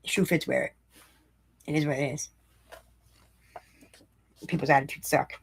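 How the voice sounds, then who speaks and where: A low, gravelly woman's voice with a husky edge reads a recovery meditation aloud. She keeps breaking off into blunt, sarcastic commentary, then slows to repeat key lines for emphasis. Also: steady tone. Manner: sarcastic, blunt, rambling asides. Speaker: vlogger reading a daily recovery meditation.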